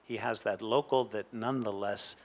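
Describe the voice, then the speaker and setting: A man's voice: lowish voice, fairly even intonation, normal speed. A man speaking on an academic panel, explaining at length in a discursive way. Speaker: panelist at a literary roundtable.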